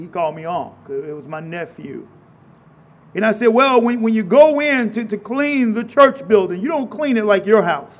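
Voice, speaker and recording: A man preaching a sermon, reading scripture slowly and then pressing his points with rising emphasis and repeated phrases. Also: high voice, highs cut off.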